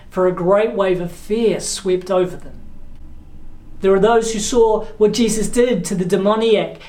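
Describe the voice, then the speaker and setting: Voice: mid-range voice, a little mellow. Earnest pastor preaching a sermon. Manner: earnest, direct, poses challenging questions to listeners.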